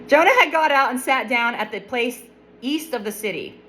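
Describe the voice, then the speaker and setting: A woman's voice: on the high side, lively intonation, normal speed, fairly bright tone, slight background noise, poor audio. A young adult woman casually retelling a Bible story, mixing the reading with wry, playful asides.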